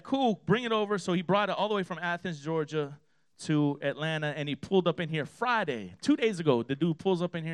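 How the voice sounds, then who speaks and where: A man's voice: fairly high pitch, clean tone, dry recording. Emphatic preaching man, dry sound. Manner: emphatic preaching, swinging from hushed to loud, repeating phrases with "right?". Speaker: pastor. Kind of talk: sermon with a personal story.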